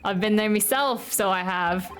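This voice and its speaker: A woman voicing a wealthy, boastful gentleman with a shaky put-on Irish accent and a raised voice. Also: on the high side, fairly quick, faint music behind, lightly acted.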